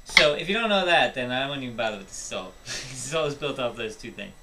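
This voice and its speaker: Man teaching drums over loud music. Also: medium pitch, expressive, fast talker. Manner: counts rhythms aloud, explains step by step. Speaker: drum teacher. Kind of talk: instructional drum tutorial. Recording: loud music and drumming behind. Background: drum playing and music.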